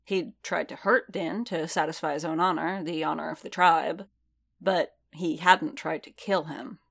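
Low, gravelly woman narrating a story. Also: steady tone, unhurried, fairly bright tone. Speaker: reader. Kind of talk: fan fiction audiobook narration.

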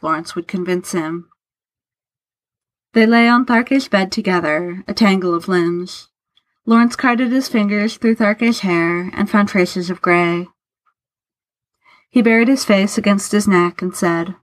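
A woman narrating fiction aloud in an unhurried, even storytelling manner. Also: medium pitch.

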